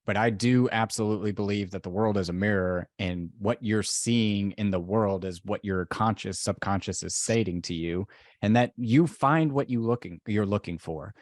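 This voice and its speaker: A man's voice: fairly low pitch, moderate pace, no room sound, studio quality. A man in an interview, explaining his views in a reflective, conversational way.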